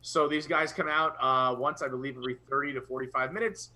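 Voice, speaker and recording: A man's voice: mid-range voice, steady tone, fast talker, sharp tone. A young man co-hosting a casual live chat, talking with rambling enthusiasm. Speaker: podcast co-host.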